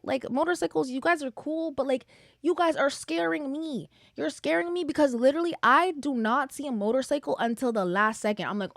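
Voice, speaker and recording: A woman's voice: sits high, expressive, a little fast, no room sound, clean studio sound. Chatty opinionated young woman podcaster. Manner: chatty, opinionated, frequent "like" fillers. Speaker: podcast host. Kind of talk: casual solo podcast chat.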